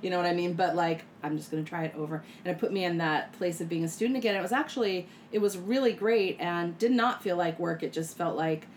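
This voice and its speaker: Candid low-voiced woman co-host. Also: fast, few pauses, slight background noise. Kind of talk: casual chat.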